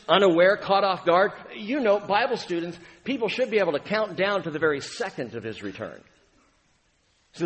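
A man preaches from the pulpit in a fairly high voice. His delivery is dramatic, building to booming peaks and then sinking almost to a whisper. The sound carries the long reverb of a big church hall. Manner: dramatic, swings from booming to hushed. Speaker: pastor. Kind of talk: sermon.

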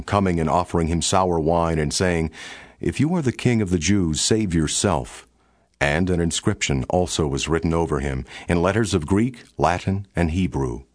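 A man with a very deep, low voice reads scripture aloud in a steady, formal cadence. The sound is dry and close, with no room around it. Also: moderate pace, dry recording. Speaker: scripture narrator. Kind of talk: scripted Bible reading.

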